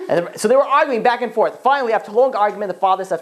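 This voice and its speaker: A man, a rabbi, teaching a class in a chatty, animated way, telling stories and acting out the quotes. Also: high voice, rapid-fire, hardly any pauses. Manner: animated, chatty, many fillers and restarts, acts out quotes. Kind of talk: casual classroom lesson with storytelling.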